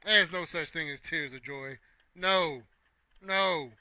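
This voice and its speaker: Guy just chatting and joking w his chat, real bright tone, fairly high voice. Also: slow pace, dry recording. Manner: playful, banters with chat. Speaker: host. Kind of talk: casual opinion talk.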